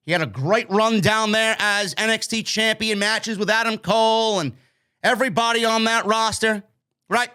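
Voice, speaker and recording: A man's voice: high-pitched, normal speed, bright, forceful tone, clean tone. A man hosting a wrestling news podcast, ranting emphatically and swearing freely. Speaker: podcast host. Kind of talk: wrestling news commentary rant.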